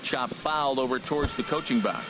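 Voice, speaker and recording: A man doing play-by-play for a baseball video game, calling each pitch and play in a brisk, crisp manner. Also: loud music behind the voice. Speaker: play-by-play announcer. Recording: muffled game audio with background noise.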